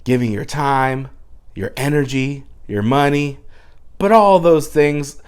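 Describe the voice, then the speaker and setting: A man, a dad vlogger, giving mock-serious sarcastic advice and swinging between hushed asides and loud bursts. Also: mid-range voice, slow, clean tone.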